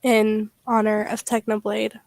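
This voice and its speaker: Soft, slow-talking young woman streamer. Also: medium pitch, monotone, gravelly, no echo. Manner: halting, soft-spoken, many fillers. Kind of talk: casual livestream chat.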